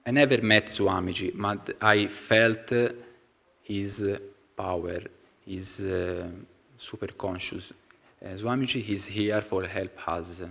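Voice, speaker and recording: A man with an Italian accent giving an informal talk to a class, pausing often and searching for words in English. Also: lowish voice, steady tone, gravelly, pushed and bright. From Italy. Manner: halting, searching for English words with many fillers. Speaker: community member sharing a story. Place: temple hall.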